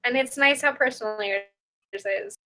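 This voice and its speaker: A woman playing Laura in an improvised tabletop role-play speaks high at a normal speed, her tone pushed and bright. Laura is a nervous young woman on an awkward dinner date, hesitant and giggly.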